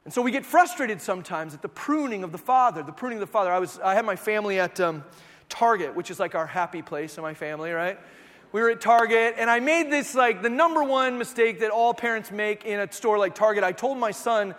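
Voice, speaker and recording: A man in his thirties preaching a sermon, telling stories and acting out the voices in them, sometimes rising to shouts. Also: high voice, fast talker, in a large hall. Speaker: pastor.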